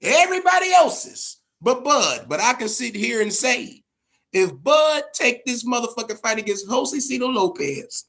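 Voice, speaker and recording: A man's voice: extremely high pitch, very animated, moderate pace, fairly bright tone. A man hosting a boxing podcast, giving casual, opinionated commentary full of swearing and repeated emphasis. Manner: profane, emphatic, repeats himself.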